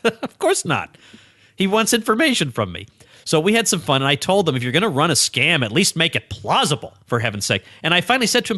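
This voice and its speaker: A man hosting a podcast from his small home office, telling a story in a playful, animated way. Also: high-pitched, fast talker, dry recording, clean studio sound. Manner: lively, playful, animated retelling with laughs. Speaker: podcast host. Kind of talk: casual storytelling monologue. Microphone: studio microphone.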